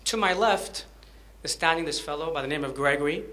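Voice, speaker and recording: A man's voice: a little high, a little fast, sharp tone, a little hiss or hum. A man, a rabbi, telling a story and welcoming a guest at a fundraiser event. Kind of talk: speech to an event audience.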